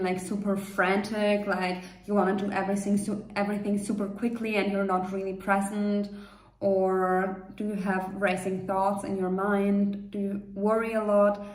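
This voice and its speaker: A female manifestation coach guides a meditation in a medium-pitched voice, gentle and reassuring. Her delivery is loose and unscripted with frequent fillers, and the recording has a roomy echo.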